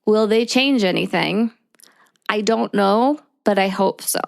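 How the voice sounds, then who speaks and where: Female podcast co-host, raspy edge, candid and heartfelt delivery. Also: mid-range voice, no echo, clean studio sound. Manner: open, emotional, quick bursts of speech. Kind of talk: candid casual chat.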